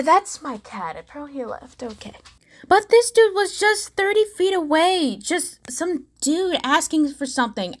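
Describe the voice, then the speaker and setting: A woman hosting a reaction commentary video, chatty and sarcastic, with lots of fillers. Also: high voice. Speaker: commentary vlogger.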